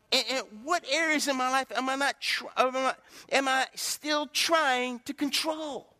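A middle-aged man preaches a folksy, joking sermon. His voice sits high and bright and swings widely as he acts out the lines of people he quotes. A long hall reverb hangs behind every word. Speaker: pastor. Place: church sanctuary.

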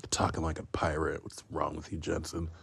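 A man's voice: extremely low pitch, gravelly, fairly bright tone, breathy edge, dry recording. A man hosting a podcast, giving a casual solo film review in a rambling, profane, self-mocking way. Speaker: podcast host reviewing films.

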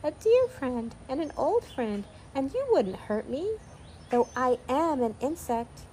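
A woman voicing a tiny, timid male gnat with a small, very high voice in a storybook reading. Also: sing-song, unhurried, warm tone, slight background noise, exaggerated voice. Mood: plaintive.

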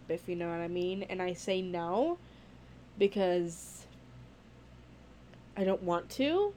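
A young adult woman speaking straight to her viewers in a loose, unscripted vlog. She is frank and outspoken, drops swear words easily, and leans on "like" as she talks. Her voice sits at an ordinary middle pitch. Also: expressive, takes it slowly, long pauses, a little mellow, a little hiss or hum. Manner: candid, blunt, swears freely, lots of "like". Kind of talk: casual vlog talk.

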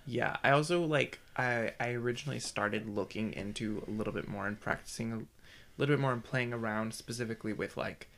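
Man, gravelly voice, mid pitch, podcast co-host, casual hesitant chat. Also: a little fast, a bit bright. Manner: thoughtful, hesitant, planning aloud. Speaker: podcast co-host, game master.

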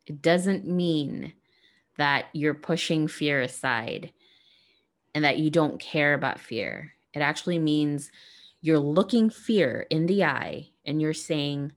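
A woman hosting a reflective spiritual monologue, speaking gently and earnestly to her listeners. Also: low-pitched, lively intonation, slow. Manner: gentle, soft-spoken, earnest.

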